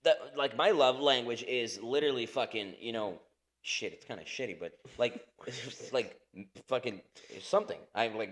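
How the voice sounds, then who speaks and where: A man's voice: medium pitch, normal speed, a bit bright. A man in his thirties co-hosting a podcast in casual chat, rambling, swearing a lot and laughing often. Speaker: podcast co-host.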